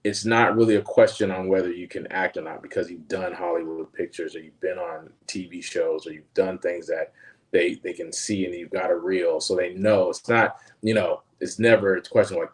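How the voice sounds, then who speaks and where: A male actor with a very low voice shares stories on a casual panel. He talks in a lively way, acting out quotes and laughing as he goes. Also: normal speed. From Los Angeles. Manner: animated anecdotes, acts out quotes; frequent fillers, laughs while telling stories.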